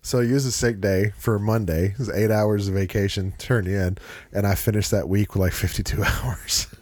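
A middle-aged man co-hosting a relaxed podcast chat. His voice sits on the low side, and he tells work stories in an easygoing way, chuckling along. The sound is dry and close to the mic. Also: normal speed, dry recording. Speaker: podcast co-host. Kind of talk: casual chat.

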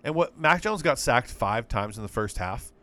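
A man's voice: mid-range voice, animated, moderate pace, pushed and bright. A man co-hosting a sports podcast, talking in a rambling, exasperated, profane way. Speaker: podcast co-host. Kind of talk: casual sports podcast chat.

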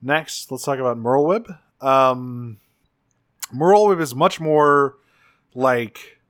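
A man co-hosting a casual discussion about a video game's story, talking in a relaxed way with swearing and frequent ums. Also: mid-range voice, takes it slowly. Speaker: podcast co-host.

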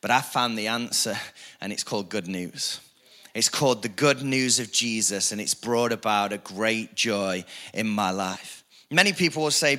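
A male pastor with a bright, forceful voice delivers a lively sermon. He repeats key phrases for emphasis and drops in casual asides. He speaks to a church congregation. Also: fairly low pitch, moderate pace. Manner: energetic, repetitive preaching with rising emphasis and asides.

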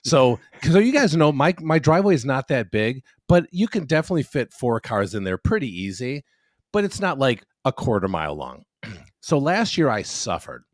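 A man in his fifties tells a rambling story on a casual podcast, swearing freely and acting out every line of dialogue. His pitch swings widely as he talks, and the sound is dry and close with no room around it. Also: normal speed, no echo. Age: 50s. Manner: profane, animated storyteller acting out quotes. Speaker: podcast co-host.

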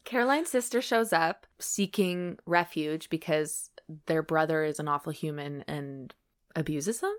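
A woman's voice: low voice, a little slow. A woman co-hosting a casual chat, playfully summarizing a romance novel and reading passages of it aloud. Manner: playful, dry, summarizing the plot. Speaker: podcast co-host.

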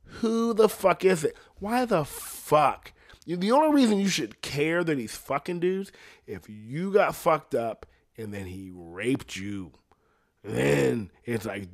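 A man's voice: on the high side, lively intonation, takes it slowly. A young adult man talking in a casual, rambling and profane way, laughing often as he goes. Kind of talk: casual chat.

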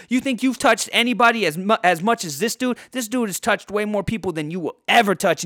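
A man's voice: high voice, a bit bright, no echo, clean studio sound. Fired-up, foul-mouthed male podcast ranter. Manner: heavily profane, heated ranting. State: sore throat, worn out. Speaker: podcast host. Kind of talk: angry podcast rant.

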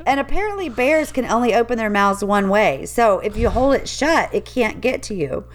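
A woman's voice: fairly high pitch, very animated, moderate pace, slight background noise. A woman co-hosting a casual chat who talks in a playful, rambling way and laughs often.

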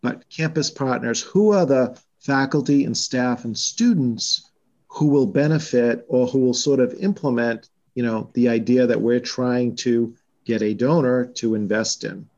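Boston guy talking fundraising, steady and methodical, bit muffled audio. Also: mid-range voice, unhurried. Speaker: college fundraising vice president. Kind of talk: podcast conversation.

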